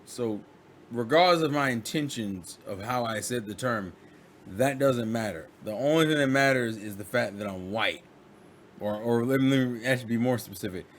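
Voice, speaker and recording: A man vlogging in a casual monologue, rambling and animated, often restarting and acting out quotes. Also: medium pitch, normal speed, slight background noise.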